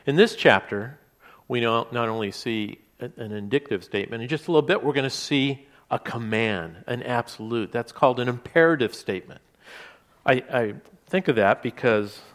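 Man, pastor, conversational sermon, asides and restarts, mid pitch. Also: animated, moderate pace.

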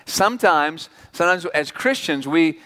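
A man's voice: a little high, lively intonation, normal speed, bright, forceful tone. A man preaching a sermon in an emphatic, conversational way, asking the congregation rhetorical questions. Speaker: pastor. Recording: reverberant hall.

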